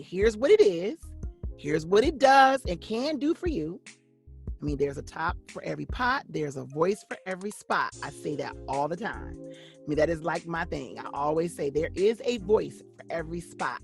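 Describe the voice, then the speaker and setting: A middle-aged woman, a voice-over actress and coach, talking animatedly in an interview. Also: medium pitch. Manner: animated, acts out quoted voices. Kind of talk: interview conversation.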